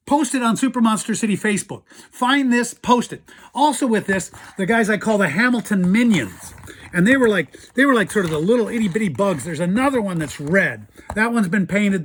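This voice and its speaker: High-pitched and a bit bright, this man hosts a laid-back show-and-tell about old toys as a collector. He's chatty and eager, even imitating toy sounds.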